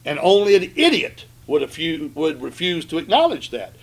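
A man's voice: on the high side, sing-song. Emphatic preacher, a man. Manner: emphatic, rhetorical questions, slows for scripture. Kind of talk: sermon.

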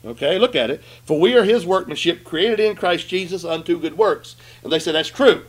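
A man preaching a sermon, emphatic, asking the congregation rhetorical questions and slowing down to read scripture. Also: high voice, animated.

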